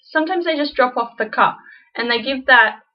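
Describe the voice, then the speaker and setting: Woman, casual language teacher, chatty, slightly high pitch, muffled lo-fi sound. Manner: chatty, repeats example phrases slowly. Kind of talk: casual beginner lesson.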